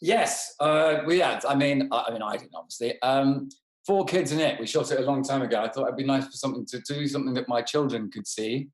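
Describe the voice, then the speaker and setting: A man's voice: medium pitch, fairly quick. Rambling self-deprecating man, roomy sound. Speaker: actor guest. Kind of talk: casual interview over a call.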